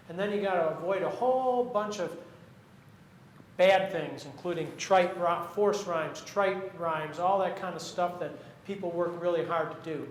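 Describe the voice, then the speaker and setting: A man, a poet, answering audience questions after a reading in a chatty, halting way, often restarting his sentences. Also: high-pitched, echoey room, slight background noise, poor audio. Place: lecture room with an audience.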